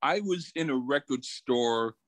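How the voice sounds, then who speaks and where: A man's voice: mid-range voice, lively intonation, a bit bright, dry recording, rough recording. A man co-hosting a casual podcast, telling anecdotes and laughing at them. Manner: unhurried storytelling, laughing at his own anecdotes. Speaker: podcast co-host. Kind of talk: casual chat.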